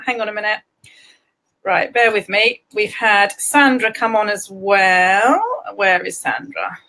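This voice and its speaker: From her home, a woman from England runs a relaxed livestream chat in a bright, forceful voice of medium pitch. Her delivery is slow, punctuated by frequent giggles, and her talk drifts in a scattered way.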